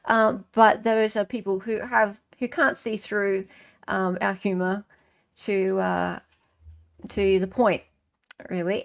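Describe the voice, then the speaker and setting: Chatty Australian woman with a gravelly voice. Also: medium pitch, flat delivery, slow, long pauses. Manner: chatty, reads viewer comments aloud and greets them. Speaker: livestream host. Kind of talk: casual chat stream.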